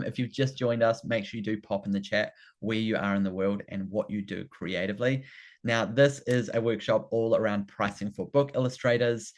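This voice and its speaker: A man with a New Zealand accent hosting a live online workshop, eagerly greeting people and repeating words like fantastic and amazing. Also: on the low side. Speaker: workshop host. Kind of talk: upbeat live webinar hosting. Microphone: video call.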